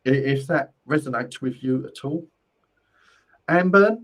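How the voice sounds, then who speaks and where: A man's voice: medium pitch, a little slow, pauses often, rough recording. A man who hosts a live stream and gives psychic readings, rambling and repeating his phrases. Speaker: spiritual medium and host.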